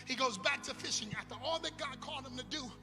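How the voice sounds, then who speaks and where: A man preaching a sermon in a sing-song, chanting style that swells into shouts. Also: extremely high pitch, quick pace, in a large hall, over music.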